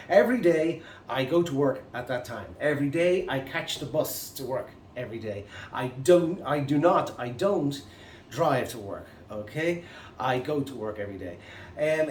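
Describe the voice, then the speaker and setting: A man with an Irish accent, teaching an English grammar lesson to camera, halting and full of fillers and restarts. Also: a little high, big pitch swings, darkish tone, a little hiss or hum. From Ireland. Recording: echoey room, mic at a distance.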